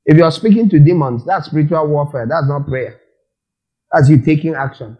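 A man's voice: on the high side, moderate pace, dull audio. A man preaching a sermon as a pastor, asking the congregation questions and acting out quotes.

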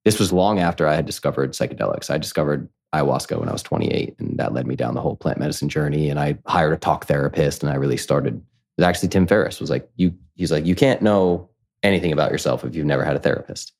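Very low-voiced man telling a candid story. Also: expressive, fast talker, a little mellow. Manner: candid, rambling, heavy use of "like", acts out quoted voices. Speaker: podcast guest. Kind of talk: casual personal storytelling.

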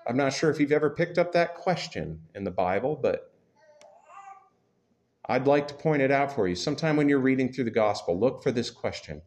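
A man preaching a sermon to his church congregation, talking in a relaxed, conversational way with self-deprecating humor. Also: mid-range voice, moderate pace. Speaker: pastor.

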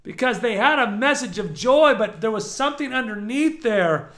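A middle-aged male preacher delivers a sermon in a high, bright voice. He talks with animated energy, jumping from near-shouts to hushed, low asides. A gravelly edge runs through his speech. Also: normal speed.

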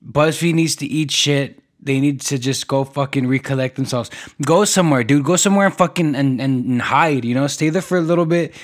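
A man's voice: medium pitch, fairly quick, few pauses. A young man hosting a solo podcast, ranting in a rambling, profane way with many restarts and fillers. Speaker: podcast host.

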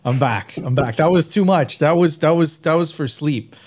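A man's voice: fairly high pitch, moderate pace, a little mellow. Upbeat male live-show host. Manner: upbeat, hype-style sign-off with frequent restarts. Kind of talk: casual live-stream chat.

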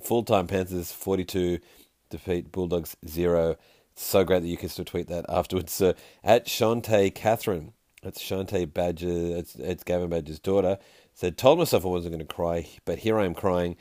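Deep-voiced man, jokey podcast host. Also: steady tone, dark tone, dry recording, studio quality. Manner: jokey, reads tweets aloud with quick asides. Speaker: podcast host reading listener tweets. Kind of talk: casual chat.

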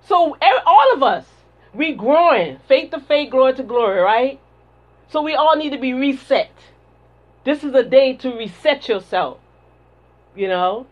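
A woman preacher delivering a sermon and prayer in a fervent, repetitive cadence, on a dull lo-fi recording. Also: high-pitched. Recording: dull lo-fi sound.

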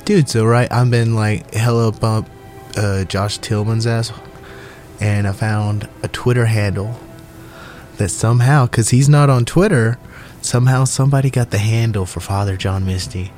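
A man's voice: on the low side, moderate pace, darkish tone, faint music behind. A young man, talking alone in a small home studio in a rambling, profane, self-mocking monologue that he keeps laughing at. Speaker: solo podcaster.

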